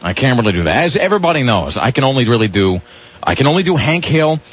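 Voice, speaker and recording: A man's voice: medium pitch, very animated, fast, a little hiss or hum. A man hosting a radio show, talking in a rambling way with restarts and grumpy rants. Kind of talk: casual radio banter. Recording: dull lo-fi radio broadcast.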